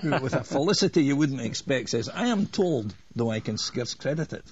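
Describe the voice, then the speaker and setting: A man's voice: mid-range voice, big pitch swings, fairly quick, darkish tone, slightly rough, dull audio. A man, telling an amused, laughing story about a friend. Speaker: interviewee recalling a friend. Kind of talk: reminiscing interview.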